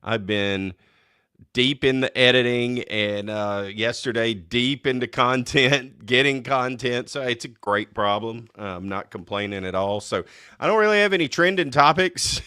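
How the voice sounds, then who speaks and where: A man from North Louisiana with a North Louisiana accent, hosting a casual chat show in an excitable, chatty way with frequent laughs. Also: mid-range voice, clean tone, dry recording, studio quality. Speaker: host.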